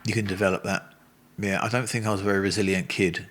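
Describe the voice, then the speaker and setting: A man's voice: deep voice, little pitch movement, fast talker, fairly bright tone. A man in his sixties with an Australian accent, a Muay Thai coach telling blunt, rambling stories as an interview guest. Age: 60s. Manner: rambling, blunt storyteller who swears and laughs. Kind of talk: casual interview storytelling.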